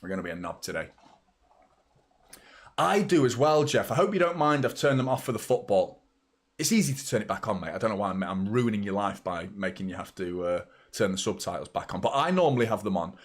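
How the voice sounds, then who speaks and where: Hosting a live football watchalong, the young English speaker talks fast in a lowish, animated voice, rambling casually and addressing viewers by name.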